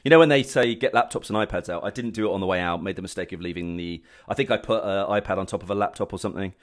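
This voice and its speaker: Low-voiced chatty man. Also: racing. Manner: chatty storyteller, rambling with restarts and laughs. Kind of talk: casual chat.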